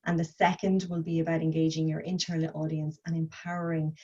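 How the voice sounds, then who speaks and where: A woman presenting a training module, brisk with some fillers. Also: low-pitched, little pitch movement, dark tone. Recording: dull, muffled audio.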